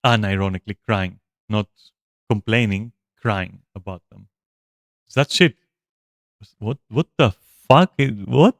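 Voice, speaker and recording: A man's voice: fairly low pitch, animated, a little slow, pauses often, no room sound, studio quality. Rambling, swearing man streaming a game. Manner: rambling, profane, with frequent fillers. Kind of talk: casual gameplay commentary.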